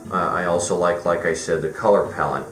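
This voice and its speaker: A man's voice: low voice, fairly even intonation, brisk. A man giving a casual, rambling movie review, full of fillers and restarts. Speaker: film reviewer. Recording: roomy echo with faint music.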